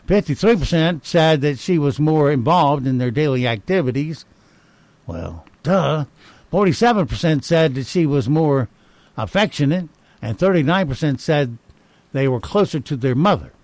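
A man's voice: a little high, lively intonation, normal speed, a little mellow, no echo. A man hosting a radio show, reading poll results and fun facts in casual banter, with dry little asides. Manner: wry, reads items aloud with dry asides.

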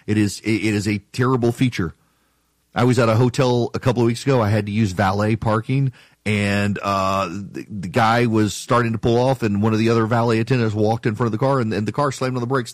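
A man in his talk radio chair, laying out his case in a forceful, argumentative way. His voice sits at an ordinary middle pitch, and he jabs at his critics by imitating them. The recording is dry and close, with almost no room sound. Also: no room sound. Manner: emphatic, argumentative, mock-quotes critics. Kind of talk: opinionated talk radio monologue.

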